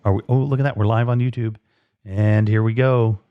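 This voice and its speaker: A man's voice: fairly low pitch, fairly even intonation, a little fast, smooth, dry recording. A man hosting a live stream, chatting casually and rambling with lots of fillers and restarts. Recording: dull lo-fi stream audio.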